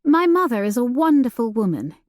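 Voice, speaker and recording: A woman voicing a timid young governess who speaks hesitantly and quietly. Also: a little high, big pitch swings, brisk, no room sound, clean studio sound.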